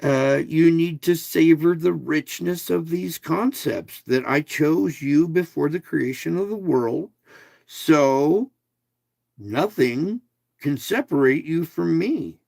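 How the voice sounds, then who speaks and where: A man's voice: on the high side, expressive, takes it slowly, gravelly, darkish tone, no echo, clean studio sound. A man giving casual devotional teaching, reading passages aloud and then talking them through in a conversational way that keeps checking in with his listeners.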